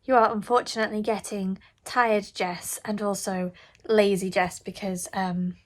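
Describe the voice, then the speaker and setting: Filmed on a phone, a middle-aged British book vlogger talks a little slowly in a mid-range voice that barely moves in pitch. She chats openly, with evident exasperation, in a casual review of a book from the United Kingdom perspective of her channel.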